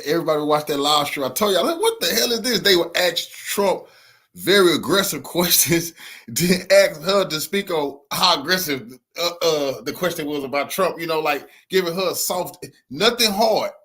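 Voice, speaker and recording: A man's voice: on the high side, expressive, normal speed, fairly bright tone. A man hosting a casual reaction chat, blunt, heated and slangy. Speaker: channel host.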